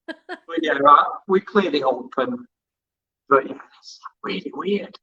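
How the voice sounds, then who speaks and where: A man telling rambling anecdotes in a casual interview, slipping into other people's voices as he quotes them. His voice sits fairly high and sounds bright and forceful. The audio is dull and lo-fi. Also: expressive, measured pace. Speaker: music interviewer and former hospital radio presenter.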